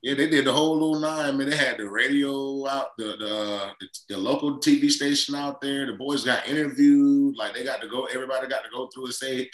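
A man, a former football player co-hosting a casual sports podcast, telling lively stories and acting out quotes. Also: brisk, reverberant, rough recording. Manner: animated storyteller, acts out quotes in a higher voice, laughs often.

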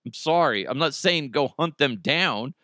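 A man's voice: a little high, animated, unhurried, bright, forceful tone, dry recording, clean studio sound. A man in his thirties hosting a solo podcast, ranting bluntly and profanely with self-mocking asides. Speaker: podcast host. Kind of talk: casual solo podcast rant.

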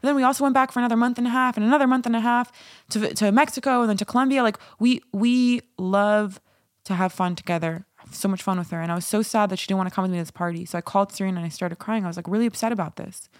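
A woman's voice: mid-range voice, rapid-fire, no echo, studio quality. A young woman hosting her own podcast, talking openly and rambling, swearing freely and laughing often. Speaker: podcast host. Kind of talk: candid solo podcast talk.

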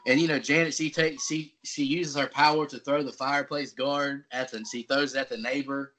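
A man's voice: mid-range voice, little pitch movement, normal speed, sharp tone. A man co-hosting a casual podcast, loosely retelling movie scenes with plenty of fillers and restarts. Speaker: podcast co-host. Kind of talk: casual chat recapping film scenes.

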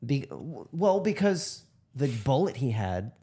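A man's voice: mid-range voice, very animated, slow pace, warm tone, breathy edge. A man co-hosting a podcast, chatting casually and asking questions with hesitant restarts. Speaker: podcast co-host. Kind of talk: casual chat.

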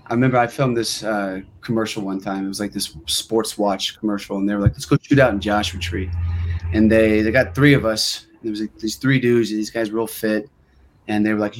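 A young male guest actor telling lively anecdotes in a relaxed podcast chat. His voice sits fairly low, and he acts out other people's lines as he goes. A faint hiss runs underneath. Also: fairly quick. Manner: animated storyteller acting out quotes.

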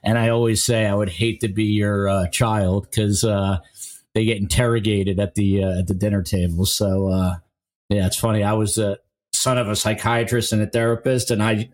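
A man's voice: lowish voice, fairly even intonation, normal speed, darkish tone. A man hosting a casual podcast interview, chatting and asking long, rambling questions. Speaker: podcast host.

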